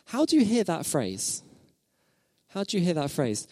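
A man in his thirties delivering a sermon as pastor, his voice sitting fairly high for a man. He speaks reflectively, putting questions to the congregation and repeating phrases to drive them home. The sound is close and dry. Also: wildly swooping pitch, normal speed, warm tone, husky, no room sound.

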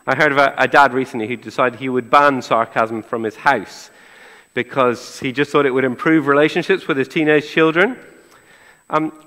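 Middle-aged male pastor, conversational sermon delivery, dry sarcastic wit, voice sitting a little high, long church-hall reverb. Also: sharp tone. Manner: conversational, playfully sarcastic, rhetorical questions. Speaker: preacher.

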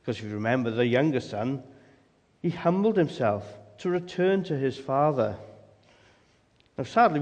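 A man's voice: medium pitch, darkish tone. Male preacher, emphatic, asks rhetorical questions, voice rings in a long-reverb hall. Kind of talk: sermon.

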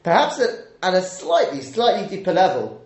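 A man's voice: sits high, moderate pace. A man teaching a live Torah class, acting out the speakers he quotes and often correcting himself mid-sentence. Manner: lively, dramatizes quoted speakers, frequent self-corrections. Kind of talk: live Torah study lecture. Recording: roomy echo.

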